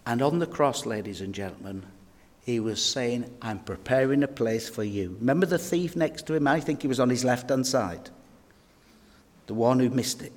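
A man preaches a sermon, telling stories and turning straight to his listeners. His mid-pitched voice carries a long echo through a hall. He keeps the delivery direct and conversational. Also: expressive, moderate pace. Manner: storytelling, direct address to the audience.

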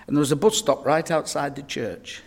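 Preacher in a reverberant hall. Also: male voice, fairly high pitch, normal speed, vocal fry. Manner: earnest, humorous anecdotes, addresses folks directly. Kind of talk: sermon with storytelling. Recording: long reverb of a church hall.

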